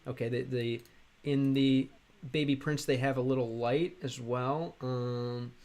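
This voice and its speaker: A young American man chatting on a live stream, reading chat aloud and working through halting Russian with lots of fillers. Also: mid-range voice, steady tone, darkish tone. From United States.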